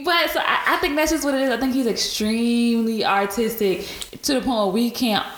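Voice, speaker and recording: A woman's voice: a little high, brisk, a bit bright, echoey room. A woman co-hosting a casual chat podcast, laid-back and joking, laughing often. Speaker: podcast co-host.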